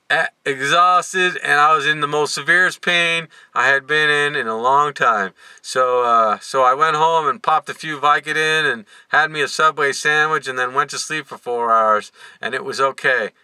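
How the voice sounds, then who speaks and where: Bright-toned middle-aged man vlogging. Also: medium pitch, clean tone, dry recording. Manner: animated and joking, laughing between lines. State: tired, yawning. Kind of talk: casual storytelling to camera.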